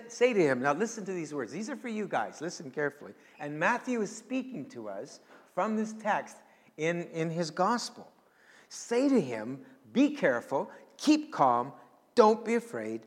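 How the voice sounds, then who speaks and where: A man's voice: high-pitched, a bit bright. A man preaching a sermon as a pastor, casual and conversational, rising into emphatic pleading bursts. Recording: long hall reverb.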